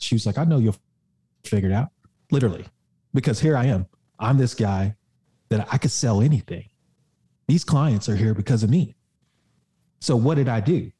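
A man's voice: medium pitch, warm tone. A young adult man, a podcast guest and fitness coach, telling a personal story in a casual way, with lots of fillers and some swearing.

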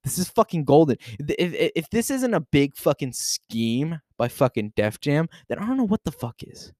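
A man hosting a casual solo podcast, reacting to a news post in a profane, excitable, rambling way into a desk microphone. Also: a little high, normal speed, no room sound, clean studio sound. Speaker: podcast host.

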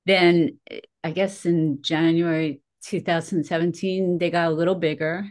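A woman in her fifties, a guest on a podcast, telling her story in a lively, chatty way with frequent laughs. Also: lowish voice, normal speed. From Philadelphia area. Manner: animated storyteller, laughs often, acts out her own quotes. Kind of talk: casual conversational interview.

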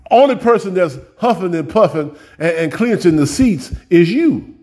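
A man's voice: sits high, very animated, slow, pauses often, a little mellow, slightly rough. A man preaching a sermon in a folksy, direct way, often repeating words as he builds up a point.

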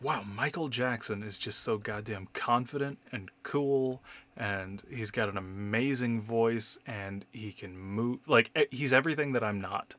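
A man in his thirties telling candid stories in relaxed podcast talk. His voice sits on the lower side but sounds bright and forward. He swears casually and talks with animated energy. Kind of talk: casual conversation.

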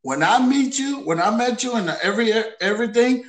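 A man's voice: very high-pitched, lively intonation, fairly quick, reverberant, rough recording. A man co-hosting a podcast chat, blunt and frank, repeating his points for emphasis. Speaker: podcast co-host. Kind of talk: candid casual chat.

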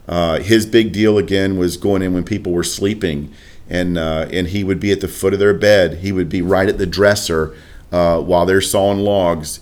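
A man with a fairly low voice talks through personal safety advice in an earnest, unscripted way, pausing often on "uh" as he gathers his thoughts. He speaks as a podcast host and former police officer. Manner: earnest, conversational, many "uh" fillers.

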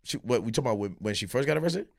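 A man's voice: mid-range voice, expressive, racing, no echo, studio quality. A man from Miami, a podcast guest, arguing his points emphatically with plenty of profanity. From Miami, Florida. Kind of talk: heated podcast debate.

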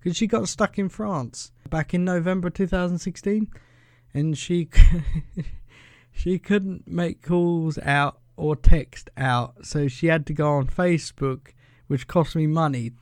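A young man talks through a casual solo podcast in a rambling, chatty way. He keeps falling back on the same filler and chuckles between points. His voice sits a bit high, and it is recorded dry and close. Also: fairly even intonation, takes it slowly, no echo. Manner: rambling and chatty, leans on the filler "pretty much", chuckles often. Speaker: podcast host.

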